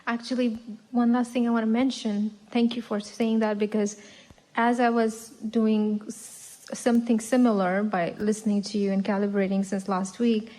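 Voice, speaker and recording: A woman's voice: a little high, flat delivery, moderate pace, warm tone, poor audio. A woman in a seminar audience who speaks up earnestly and gratefully, in long, rambling sentences. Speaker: audience member.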